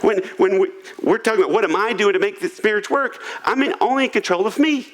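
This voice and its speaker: A man's voice: sits high, fast talker, low-quality recording. A man preaching a sermon in a humorous, conversational, self-deprecating way. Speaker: pastor. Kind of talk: sermon on marriage. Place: church auditorium.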